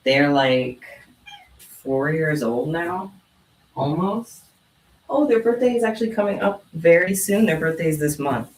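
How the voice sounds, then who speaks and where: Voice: medium pitch, lively intonation, a little slow. A young adult craft vlogger chatting casually at home and cooing in baby talk to pet cats. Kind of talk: casual chat while crafting. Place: home room. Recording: roomy sound from a distant mic.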